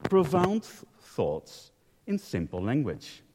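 A man's voice: medium pitch, wildly swooping pitch, slow pace, darkish tone, slight background noise. A man preaching a sermon in a thoughtful way, often rephrasing mid-sentence. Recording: echoey hall.

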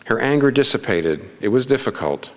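A man's voice: medium pitch, expressive, moderate pace, a bit bright, in a large hall. A middle-aged man, a pastor, preaching a sermon in an earnest, conversational way, full of rhetorical questions.

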